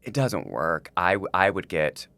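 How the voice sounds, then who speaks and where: A man's voice: low voice, very animated, measured pace, sharp tone, no echo. A man on a podcast, telling a personal story in casual chat, rambling with lots of likes and restarts. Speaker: podcast co-host.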